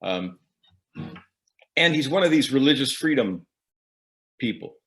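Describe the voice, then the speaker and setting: A man who is a musician, speaking casually at a church service with wry joking asides and a halting delivery full of restarts. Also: medium pitch, animated, fairly bright tone. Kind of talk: casual spoken reflection.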